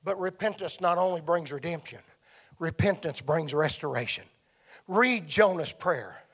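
A man's voice: a little high, expressive, measured pace, fairly bright tone, breathy edge. A man preaching a sermon with emphatic delivery that swells and drops. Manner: emphatic, rising and falling delivery.

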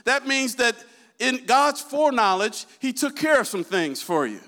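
A man's voice: very high voice, sing-song, normal speed, bright, forceful tone. A man preaching a sermon, constantly calling out to the congregation with questions and asking for amens. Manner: call-and-response, asks the congregation questions.

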